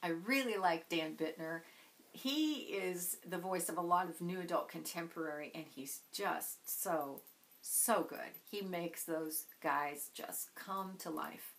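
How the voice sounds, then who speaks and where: A woman's voice: fairly low pitch, slow pace, a bit bright, rough recording. A woman vlogger chatting casually and enthusiastically about books she loves. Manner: gushing, enthusiastic. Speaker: book vlogger. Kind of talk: casual chat.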